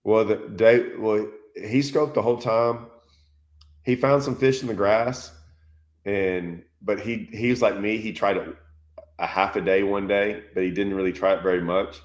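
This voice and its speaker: A man telling a lively story in casual chat, acting out quotes and laughing often. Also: fairly low pitch, measured pace. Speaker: fishing channel host.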